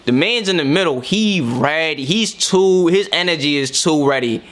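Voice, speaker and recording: A man's voice: fairly high pitch, normal speed, few pauses. A man from New York hosting, giving casual, slangy, joking commentary as he reacts to a video. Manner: slangy, joking, animated asides.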